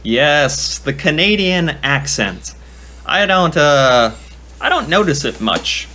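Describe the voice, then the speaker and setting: A man's voice: on the high side, sing-song, slow pace, sharp tone. A young man giving casual reaction commentary, chatty and self-mocking, thinking aloud as he talks. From United States. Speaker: reaction video creator.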